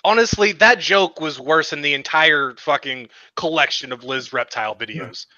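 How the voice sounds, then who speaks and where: A man with a high, animated voice, teasing his friends with sarcastic, profane put-downs. His tone is bright and sharp. The recording is dull and lo-fi. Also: moderate pace, no echo. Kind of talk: casual livestream chat. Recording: dull lo-fi mic.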